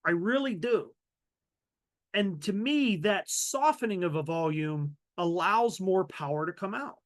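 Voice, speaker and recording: Man, high-pitched voice, webinar presenter, animated delivery, shifts volume and pace. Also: a little slow. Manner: animated, varies loudness and pace for emphasis. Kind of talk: virtual training talk.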